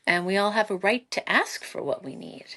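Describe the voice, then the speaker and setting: Expressive middle-aged woman giving parenting advice. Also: medium pitch, brisk. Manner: animated, expressive, laughs often, acts out quotes. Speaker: psychotherapist guest.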